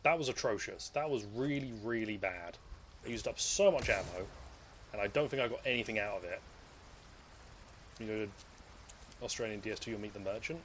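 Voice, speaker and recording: Casually commentating his live gameplay, a streamer rambles, jokes and swears freely. He speaks briskly in a fairly low, fairly bright voice with long pauses, and there's a little hiss or hum on the recording.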